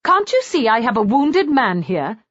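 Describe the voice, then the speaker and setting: A woman's voice: fairly high pitch, sing-song, normal speed, a bit bright, no room sound, pitched above the performer's own voice. A woman narrator voicing a fierce, sarcastic young woman who snaps at everyone, in a slightly dull, dry recording. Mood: scornful. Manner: snappish, sarcastic. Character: sharp-tongued young woman, fierce and scornful.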